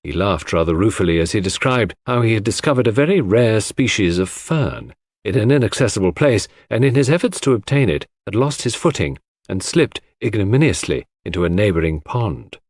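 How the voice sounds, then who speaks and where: A man reading a classic mystery aloud in measured, expressive narration. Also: on the low side, dry recording, clean studio sound. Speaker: audiobook narrator.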